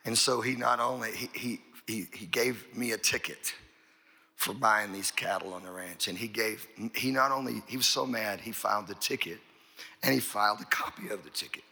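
Middle-aged male pastor, folksy storyteller, gravelly, husky edge. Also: fairly low pitch, moderate pace, sharp tone. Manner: folksy, rambling, repeats words and says "you know". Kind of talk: storytelling sermon.

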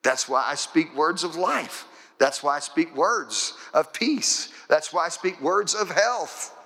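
A man's voice: fairly high pitch, takes it slowly, bright, forceful tone. A male pastor preaching a sermon in church, building momentum with rhythmic, repeated phrases. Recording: echoey church hall.

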